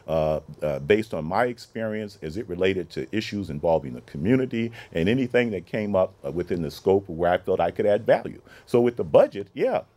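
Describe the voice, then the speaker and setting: Speaking briskly in a low voice with hardly any pauses, an interview guest who once advised a mayor on policy gives an animated account of events, performing the quoted dialogue as he goes.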